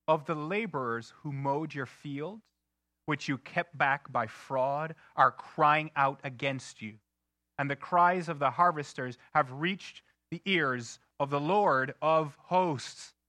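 A married man preaching a sermon, swinging from loud outbursts to hushed, slow emphasis. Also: on the high side, dry recording, clean studio sound. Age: adult, married. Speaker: pastor.

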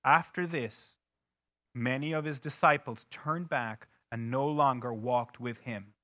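A man preaching a sermon as a pastor, swinging between soft, low asides and loud, emphatic questions. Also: measured pace, dry recording. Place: church sanctuary.

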